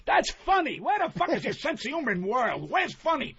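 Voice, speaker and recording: A man's voice: extremely high pitch, wildly swooping pitch, a little fast, few pauses, sharp tone, husky, faint music behind. An older man, a guest comedian on a radio talk show, ranting in a hostile, profane, combative way. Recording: muffled radio broadcast.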